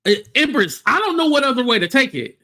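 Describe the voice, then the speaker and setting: A man hosting a livestream, giving blunt, heated commentary with swearing and quick acted-out quotes. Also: extremely high pitch, sing-song, pushed and bright.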